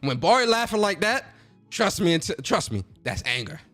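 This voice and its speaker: A man hosting a casual reaction video, talking in excitable slang and laughing a lot. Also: sits high, moderate pace, faint music behind. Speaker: host.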